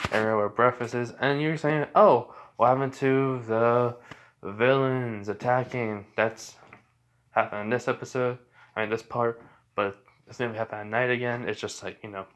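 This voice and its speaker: A man's voice: medium pitch, normal speed, a bit bright. A young man tells a fan story off the cuff, in a loose, casual way. He rambles, corrects himself mid-sentence and leans on fillers as he goes. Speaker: fan fiction narrator.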